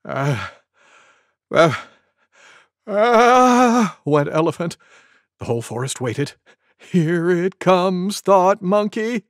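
A man voicing a gentle male goose who reads a cartoon storybook aloud, acting out each animal with big sneezes. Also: a little high, animated, moderate pace, no room sound, clean studio sound, natural voice. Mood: storytelling.

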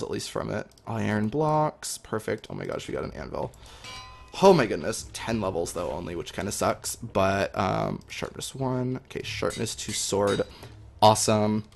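A young man talking through his game as he plays, chatty and excitable, with lots of ums. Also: fairly low pitch, moderate pace, gravelly, a little hiss or hum. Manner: excitable, chatty, many fillers. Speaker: gaming video host. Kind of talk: live gameplay commentary.

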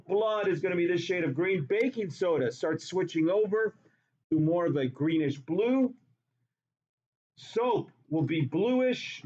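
A man's voice: high voice, darkish tone, dull audio. A man teaching a chemistry class in a classroom, talking playfully and repeating words for emphasis. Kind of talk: classroom lecture.

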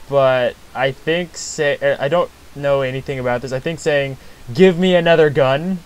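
A man's voice: mid-range voice, clear, resonant tone, low-quality recording. A man giving nervous, rambling commentary while playing a video game. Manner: jumpy, rambling, with restarts. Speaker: let's play host. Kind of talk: gameplay commentary.

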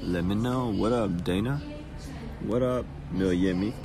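A man's voice: fairly low pitch, unhurried, music in the background. A man hosting a casual phone livestream, rambling and joking as he greets viewers in a cafe. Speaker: livestream host. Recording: noisy phone livestream audio.

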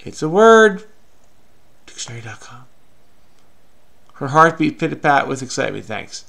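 Gravelly man frenetically solving crosswords. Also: mid-range voice, big pitch swings, normal speed, sharp tone. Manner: frenetic, muttering to himself. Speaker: crossword solver. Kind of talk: casual puzzle-solving commentary.

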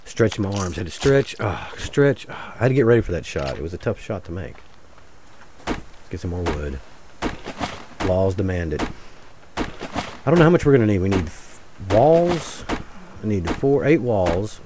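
Deep-voiced man rambling over gameplay. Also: big pitch swings, normal speed, long pauses, noisy background. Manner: rambling, jokey, mutters asides to viewers. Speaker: gaming channel host. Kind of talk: casual solo gameplay commentary.

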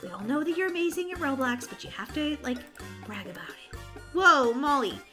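A woman chats her way through a game in an excitable, bubbly way, easily exasperated when things go wrong. Her voice sits high and sounds sharply bright. Faint music plays underneath. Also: brisk. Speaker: gaming channel host. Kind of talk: casual gameplay chat.

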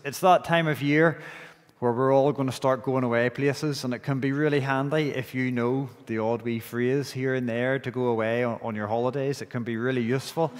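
A Northern Irish man leads a church service, praying and then speaking to the children, and he often repeats a phrase's first words before going on. His voice sits at an ordinary middle pitch. A long reverb trails after him through the church. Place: church sanctuary.

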